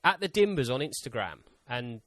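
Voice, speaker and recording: A man co-hosting a podcast, his voice rising and falling in lively swings as he teases the others. He swears casually and jokes around. The sound is dry and close, with almost no room echo. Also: medium pitch, normal speed. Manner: animated, teasing, swears casually. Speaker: podcast co-host. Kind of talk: casual chat.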